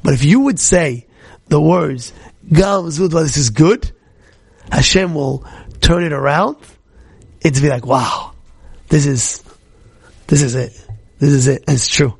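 A middle-aged man, a rabbi, giving an animated Torah talk full of stories, restarts and shouted outbursts. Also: a little high, a little slow, creaky, long pauses, slightly rough, dry recording, studio quality.

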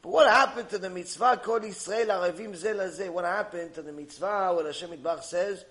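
A middle-aged man with a notably high voice delivers a mussar lecture. He rebukes his listeners with animated energy and slips into mocking bits of dialogue to make his point. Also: quick pace, hardly any pauses. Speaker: Torah teacher.

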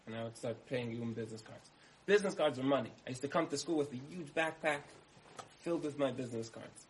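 A man delivers a sermon as a story, acting out each exchange and returning again and again to the same key phrase. His voice sits at an ordinary middle pitch, and his delivery stays lively and conversational. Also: fast, a little hiss or hum, poor audio. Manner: animated storyteller, repeats phrases for emphasis, acts out dialogue. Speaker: speaker giving a talk.

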